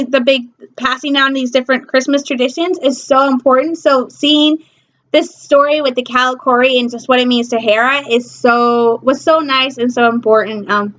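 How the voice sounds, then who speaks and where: A woman from Michigan hosting a pop culture news vlog, gushing excitedly about shows with lots of ums. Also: sits high, dull audio. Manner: gushing, excitable fan talk with many ums. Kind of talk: casual chat.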